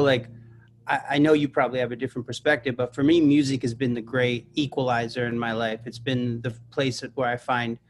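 A man's voice: mid-range voice, slight background noise. A man in his thirties, a guest actor and musician, talking candidly and reflectively in a casual podcast conversation. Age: 30s. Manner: candid, reflective, speaks in long winding thoughts.

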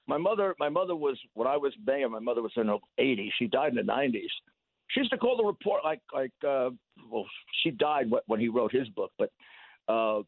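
An older man, a guest in a casual interview, talking haltingly, repeating words and laughing through his stories. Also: mid-range voice, breathy edge, no echo. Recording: dry, thin phone-like line.

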